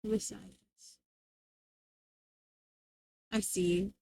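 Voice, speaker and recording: A woman's voice: on the high side, animated, brisk, a bit bright, no room sound. Giggly, rambling young woman streamer. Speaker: livestreamer. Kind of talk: casual chat with viewers.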